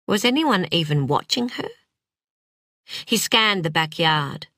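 A woman narrating a novel in an expressive, dramatic reading style, recorded on a close studio mic. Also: lowish voice, slow, long pauses, no echo. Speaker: audiobook narrator. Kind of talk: scripted narration.

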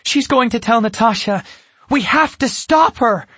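A man's voice: lively intonation, unhurried, husky, no echo, exaggerated voice. A man voicing a nervous young girl in a storybook reading, speaking in a raised, flustered voice. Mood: alarmed. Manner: breathless and flustered, higher and louder.

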